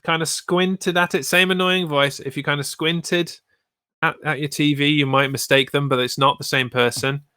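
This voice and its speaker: A man's voice: a little high, fairly even intonation, moderate pace, bright, forceful tone, smooth, no room sound, clean studio sound. A man co-hosting a casual wrestling podcast from the UK, recapping matches and joking around. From United Kingdom. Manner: jokey, recaps then riffs. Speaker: podcast co-host.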